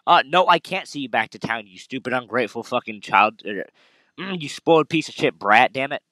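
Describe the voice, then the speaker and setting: Sweary guy doing let's play commentary, bright voice, dry close mic. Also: medium pitch, expressive, brisk, no echo. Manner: crude, swearing and ranting. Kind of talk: casual game commentary.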